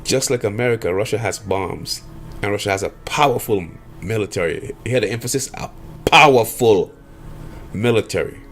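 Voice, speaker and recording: A man's voice: fairly low pitch, a little fast, slight background noise. A man delivering an emphatic monologue, lecturing and firing off rhetorical questions. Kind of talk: emphatic monologue on power politics.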